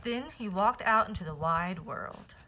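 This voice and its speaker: A woman reading a picture book aloud to children, pausing to explain words and count along with them. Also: mid-range voice, animated, dull audio, slight background noise. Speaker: teacher.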